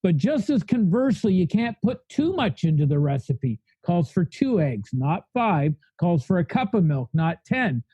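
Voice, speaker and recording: Blunt fiery man, high bright-free voice. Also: big pitch swings, normal speed, few pauses, husky, dry recording, dull audio. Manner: blunt, fiery storytelling with listing cadence. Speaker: guest sharing recovery story. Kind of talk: candid recovery podcast interview.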